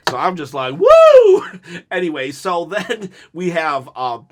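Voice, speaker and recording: Excitable, rambling man reviewing wrestling. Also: fairly high pitch, normal speed. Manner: excitable and rambling, with jokey asides and laughs. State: jittery from caffeine. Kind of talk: casual solo review talk.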